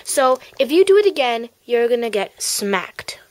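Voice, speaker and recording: A woman's voice: high voice, expressive, normal speed, rough recording. A woman doing a spoiled mean schoolgirl. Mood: bratty. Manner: snotty, boastful, threatening, drops to hissing whispers. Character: spoiled mean popular schoolgirl, rich and bratty. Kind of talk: amateur homemade play.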